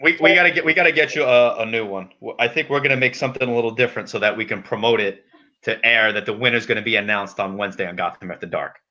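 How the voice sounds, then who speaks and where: A man's voice: fairly low pitch, sharp tone. A man hosting a live show over video call, upbeat and bantering. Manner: upbeat, quick plugs and banter. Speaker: host. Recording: slightly dull lo-fi sound.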